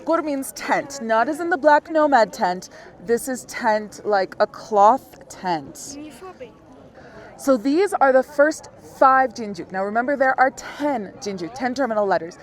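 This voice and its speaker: A woman teaching a language lesson out of doors, explaining step by step in a friendly way and laughing often. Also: high voice. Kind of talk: casual outdoor lesson. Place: outdoors in a busy public place. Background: onlookers in the street.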